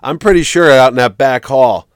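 A man's voice: mid-range voice, moderate pace, clear, resonant tone, no echo, studio quality. A man in casual chat, talking animatedly with lots of restarts and repeated words.

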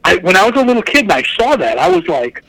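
A man's voice: very high voice, huge pitch swings, quick pace, vocal fry, a bit bright, dry recording, low-quality recording. A man chatting casually about comics, enthusiastic and rambling, often correcting himself mid-sentence. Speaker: podcast co-host.

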